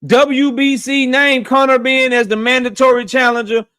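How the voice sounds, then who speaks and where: A man's voice: extremely high pitch, little pitch movement, moderate pace, pushed and bright, smooth. A young man hosting a boxing talk show, blunt and profane, repeating lines for emphasis. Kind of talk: casual opinionated commentary.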